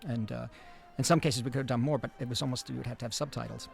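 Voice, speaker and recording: A man, a film director, speaking in a reflective audio commentary, with frequent pauses, fillers and restarts. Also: medium pitch, fairly even intonation, vocal fry, soft background music.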